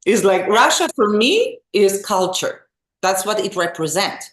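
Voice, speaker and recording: A middle-aged woman, a singer and vocal teacher telling animated stories as an interview guest. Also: medium pitch, a little slow. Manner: animated, expressive storyteller. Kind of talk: casual interview storytelling. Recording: echoey room.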